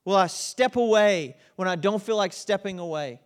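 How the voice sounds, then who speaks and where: A man with a high voice delivers an impassioned sermon. He drives his points home with force, then drops low and quiet to press them in. He sounds middle-aged. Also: unhurried. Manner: impassioned preaching, swings between loud emphasis and quiet intensity. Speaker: pastor.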